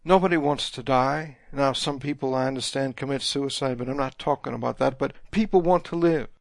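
A man's voice: mid-range voice, creaky, dry recording, studio quality. A man preaching a sermon, reading scripture and retelling it in plain, emphatic paraphrase. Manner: slow, emphatic Bible teaching with paraphrased dialogue.

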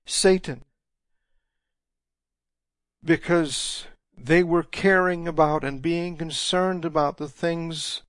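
A man whose voice sits a little high reads from the Bible and restates it in simple, forceful words during a sermon. The delivery is slow and emphatic, and the studio-quality recording has no echo.

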